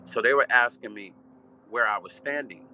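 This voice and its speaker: A man's voice: medium pitch, normal speed, slight background noise. An older man from Chicago telling a personal story in a vivid, blunt, street-style way. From Chicago, Illinois. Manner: vivid, animated storytelling, repeating "right?". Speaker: vlog host and musician.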